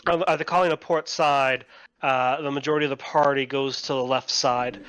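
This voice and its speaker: A man of middle pitch runs an online tabletop game as dungeon master. He narrates in a halting way, restarting phrases and leaning on fillers. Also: steady tone, fairly bright tone, smooth.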